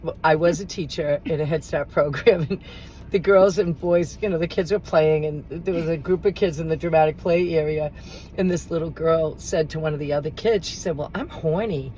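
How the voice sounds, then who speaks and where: A woman's voice: low-pitched, steady tone, fairly quick, mellow, a little hiss or hum, poor audio. A middle-aged woman co-hosting a casual chat in a car, telling funny stories and laughing often. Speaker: podcast co-host.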